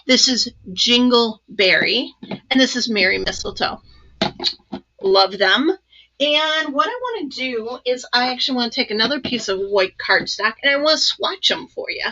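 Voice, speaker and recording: A woman hosting a casual live crafting demo, chatty and excited, with many ums and asides. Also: fairly high pitch, moderate pace, dull audio. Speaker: crafting channel host.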